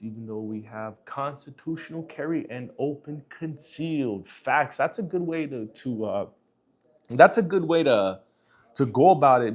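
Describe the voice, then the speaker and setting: A middle-aged man hosting a casual livestream, answering chat in a laid-back, profane way with lots of fillers. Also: medium pitch.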